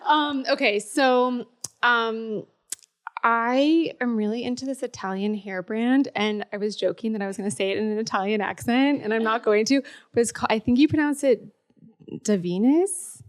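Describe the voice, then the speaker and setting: A woman's voice: a little high, moderate pace. Bubbly woman guest on a live panel. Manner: bubbly, laughing, talks up products. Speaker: beauty brand founder, guest. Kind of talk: live podcast panel chat. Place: busy pop-up shop before a live audience.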